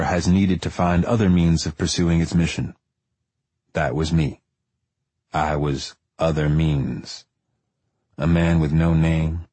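A man with a very low, husky voice reads a first-person novel aloud. His delivery is measured and deliberate, with a dry storytelling tone. The recording is close and dry, with no room sound. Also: darkish tone, no echo. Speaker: audiobook narrator. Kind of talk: first-person audiobook narration.

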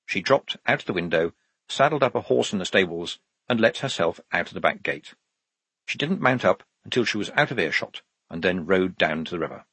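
Brief: male storyteller, low husky voice, animated reading. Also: no echo. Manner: expressive storytelling. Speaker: audiobook narrator. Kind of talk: audiobook narration.

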